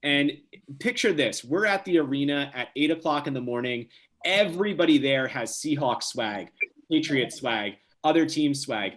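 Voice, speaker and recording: A young man from New Jersey, a podcast guest telling a casual story with lively, quick restarts. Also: fairly high pitch. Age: young adult.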